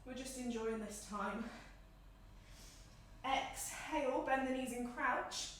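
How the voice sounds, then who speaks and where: A woman guides a yoga flow slowly, her high, light voice calmly encouraging students in time with each breath, though she sounds slightly winded. She's recorded from a few steps away in a bare room full of echo, with a little hiss or hum.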